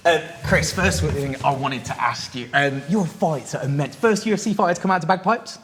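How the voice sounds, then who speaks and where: A British man hosting a casual vlog in a gym, excitable and quick to laugh. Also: fairly high pitch, crowd noise. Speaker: host, swimmer trying martial arts.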